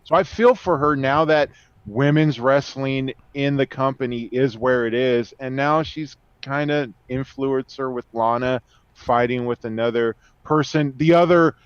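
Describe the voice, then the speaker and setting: A man's voice: mid-range voice, a little slow, clear, resonant tone, no echo. A man co-hosting a podcast in casual chat, laid-back and agreeable. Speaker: podcast co-host. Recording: dry, dull lo-fi sound.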